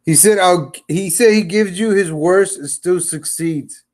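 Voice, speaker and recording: Man, high-pitched, profane, mocking, reaction streamer. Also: a little slow, darkish tone. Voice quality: mocking, insulting, swears heavily.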